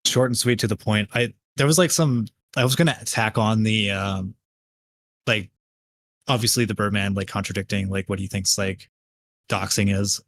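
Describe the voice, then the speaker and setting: A man's voice: fairly low pitch, normal speed, a bit bright, no room sound. A man guesting on a livestream, talking casually with many hesitations and fillers. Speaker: guest commentary video maker.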